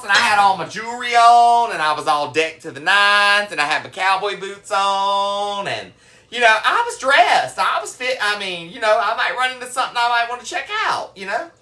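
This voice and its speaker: Sassy southern guy telling stories on a cooking live, bright lively voice, slow and dramatic. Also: sits high. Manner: sassy, dramatic, laughs often. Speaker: host. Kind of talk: storytelling during a live cooking stream. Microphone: phone or camera mic while cooking.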